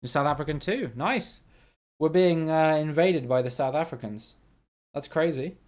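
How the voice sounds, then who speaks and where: A man with a slightly high voice hosts a relaxed live stream, talking straight to his chat. He is upbeat and quick to laugh. He swears casually as he thinks out loud about his guesses. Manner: chatty, reads out viewer names, swears casually. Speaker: streamer playing a geography guessing game with chat.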